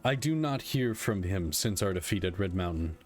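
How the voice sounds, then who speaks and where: A man reading aloud the lines of a weary male god-king who speaks dryly and candidly, in a plain, measured voice. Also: deep voice, expressive, faint music behind. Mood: solemn.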